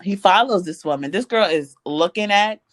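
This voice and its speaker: A woman's voice: mid-range voice, animated, normal speed. A woman co-hosting a podcast, recapping a reality show in casual chat with sassy, laughing commentary. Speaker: podcast co-host.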